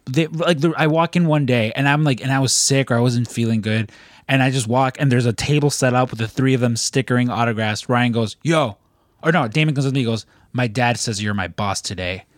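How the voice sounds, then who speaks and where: A man's voice: mid-range voice, brisk, dry recording, studio quality. A man in casual podcast chat, telling loose, easygoing stories. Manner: easygoing storyteller, loose and rambling.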